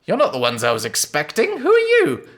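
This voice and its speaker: A man's voice: high voice, huge pitch swings, a little fast, a bit bright, pitched above the performer's own voice, full character voice. A man voicing a haggard old woman in a tabletop game; she grumbles and brushes people off with exasperation. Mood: suspicious.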